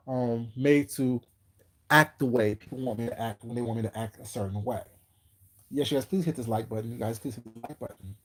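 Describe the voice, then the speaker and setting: Livestream host, male, relaxed dark tone, slow emphatic call-outs between chat shout-outs. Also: mid-range voice. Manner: greets viewers by name, calls them baby.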